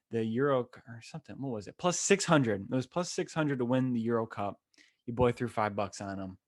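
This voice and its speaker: A young man in his 20s from Western New York hosts his podcast solo, telling a long, slangy story and growing animated and excitable as he rambles. His voice sits in an ordinary mid-range, and he's recording in a temporary room rather than his usual setup.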